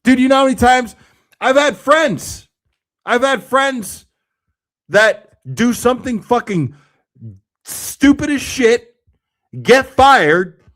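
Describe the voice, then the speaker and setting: A man's voice: extremely high pitch, lively intonation, takes it slowly, pauses often, fairly bright tone. A man giving casual ranting commentary, swearing freely and sounding sarcastic and exasperated.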